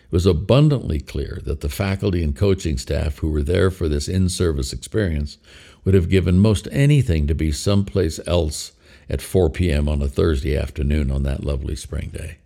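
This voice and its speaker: Older male memoir narrator, very low, gravelly, measured. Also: dark tone.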